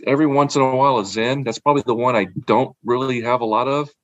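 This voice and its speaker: A man's voice: mid-range voice, fairly even intonation, fast, no echo, dull audio. A man in casual chat, rambling about wine with repeated words and frequent laughs. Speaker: podcast guest, wine collector.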